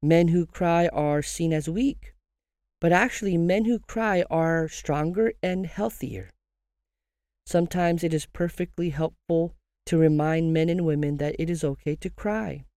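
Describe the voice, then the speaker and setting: A podcast host giving grief advice in a calm, measured counselling tone, slowing down to stress key phrases and asking listeners rhetorical questions. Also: medium pitch, clear, resonant tone, no echo, clean studio sound.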